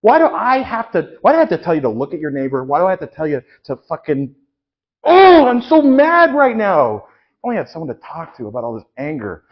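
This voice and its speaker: A man improvising an exasperated church leader who rants and swears loudly at his congregation in a live comedy show. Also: on the high side, big pitch swings, fast talker, husky, dull audio. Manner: ranting, loud, swearing at the congregation. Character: exasperated, foul-mouthed adult church leader.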